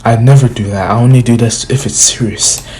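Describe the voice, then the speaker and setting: A man's voice: mid-range voice, steady tone, brisk, darkish tone, slight background noise, close to an everyday voice. A man voicing an elderly male village leader, stern and fatherly, quoted in his own plain voice within a casual retelling.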